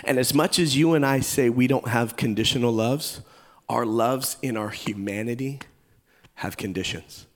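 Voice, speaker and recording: A man's voice: mid-range voice, moderate pace, big-room sound. A man preaching a sermon as pastor, emphatic and humorous.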